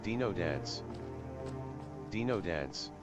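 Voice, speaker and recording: A man's voice: sits low, animated, takes it slowly. A man streamer chatting casually and playfully, reading chat aloud and joking. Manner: playful, jokey, sing-song repeating. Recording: clear music playing behind.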